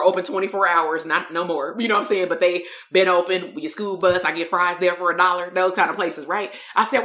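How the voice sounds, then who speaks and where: A woman therapist from Compton, telling a story in an animated way, full of slang and fillers. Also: lowish voice. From Compton, California. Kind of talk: storytelling talk.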